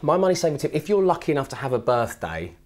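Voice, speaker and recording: A man's voice: on the high side, very animated, fast, a little mellow. A man, a music guest telling jokey, rambling stories in a TV studio chat. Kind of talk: casual TV chat.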